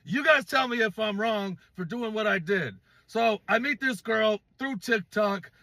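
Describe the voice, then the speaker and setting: A man's voice: sits high, unhurried, pushed and bright, no room sound. A man from California telling a dating story in a casual storytime vlog, blunt and profane, asking viewers to judge him.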